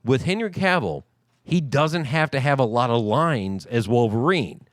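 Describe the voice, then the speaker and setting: A man's voice: mid-range voice, animated, a little slow, no echo, clean studio sound. A man in a casual podcast chat, arguing his point with lots of restarts.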